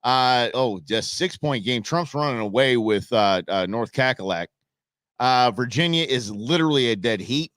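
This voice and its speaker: A man hosting a live stream, talking in a loose, rambling way full of restarts and jokey asides. His pitch swings up and down a lot as he gets worked up. The sound is close and dry, with no room echo. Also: lively intonation, normal speed, fairly bright tone. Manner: jokey, opinionated banter. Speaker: host of a live election-night stream. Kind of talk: casual live-stream commentary.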